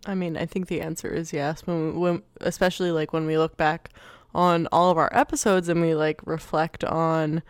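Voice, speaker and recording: Podcast cohost guy, smooth clear voice, dry sound, lots of likes and restarts. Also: on the high side, moderate pace, dry recording. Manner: relaxed, filler-heavy, self-correcting. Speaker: podcast co-host. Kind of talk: casual chat.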